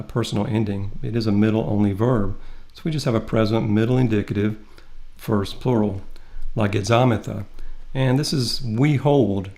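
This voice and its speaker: A man's voice: on the low side, a little mellow. A man teaching a recorded Greek lesson, working through the grammar step by step in a methodical, patient way. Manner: methodical, explains step by step with pauses. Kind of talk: recorded lecture walking through a text.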